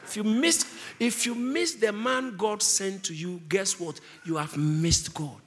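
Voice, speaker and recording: A man's voice: high-pitched, a little slow, fairly bright tone. A man preaching a sermon, emphatic, stretching out key words for weight.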